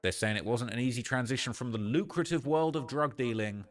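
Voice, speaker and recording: A man's voice: mid-range voice, a little fast. A man hosting a casual reaction show, giving slangy, opinionated commentary and often tagging lines with "all right?". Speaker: host.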